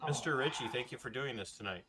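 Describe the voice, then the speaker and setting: A man's voice: medium pitch, quick pace, very noisy. A man co-hosting a talk show, speaking with passion and hard emphasis, his voice climbing when he gets worked up. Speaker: co-host. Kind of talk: podcast talk, impassioned rant.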